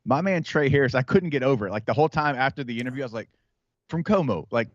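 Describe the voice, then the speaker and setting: A man's voice: mid-range voice, racing, dry recording. Sex: man. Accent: Louisiana country drawl. Role: sports radio co-host. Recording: dry, slightly dull studio mic. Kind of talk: casual sports radio banter.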